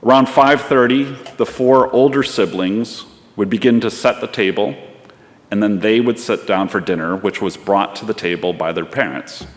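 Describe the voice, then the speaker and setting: A man's voice: on the low side, normal speed. Man preaching in a reverberant church. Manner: storytelling, reflective, acts out voices. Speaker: pastor. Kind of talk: sermon. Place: church sanctuary. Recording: long church hall reverb.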